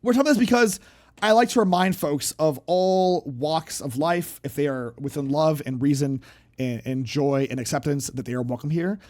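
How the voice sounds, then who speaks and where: A man's voice: fairly high pitch, moderate pace, a little mellow. A man hosting a reaction stream in a casual, emphatic, rambling and jokey way. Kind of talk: casual live-stream commentary.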